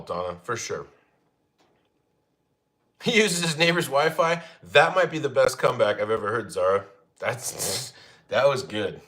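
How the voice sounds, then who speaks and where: A man's voice: fairly low pitch, a bit bright. Chatty man hosting a cooking livestream. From Arizona, United States. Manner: joking, chatty, laughs often. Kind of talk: casual live chat reading comments. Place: home kitchen.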